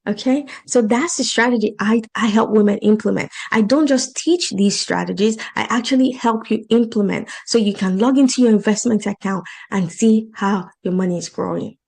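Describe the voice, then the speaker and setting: A woman's voice: medium pitch, normal speed, gravelly, hardly any pauses, darkish tone, rough recording. A woman with an accent who works as a life and financial coach, talking casually and encouragingly about her coaching program and repeating points for emphasis. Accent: non-native English accent.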